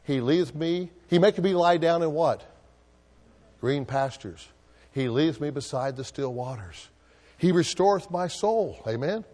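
A man's voice: a little high, expressive, measured pace, darkish tone, long reverb tail. A male pastor preaching a sermon, drawing answers from the congregation with call-and-response questions.

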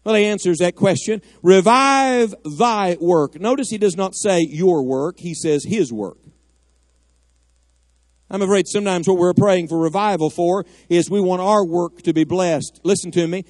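A man's voice: sits high, normal speed, darkish tone, no echo. A middle-aged man preaching a fervent, emphatic sermon in a church, rising at times to cries of prayer. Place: church sanctuary.

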